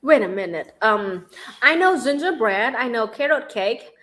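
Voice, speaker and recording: A woman from Central Vietnam with a Vietnamese accent, hosting a casual livestream chat, bubbly and quick to laugh. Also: fairly high pitch, expressive, fairly bright tone. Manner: bubbly, laughs often, reads donation questions. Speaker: livestream host.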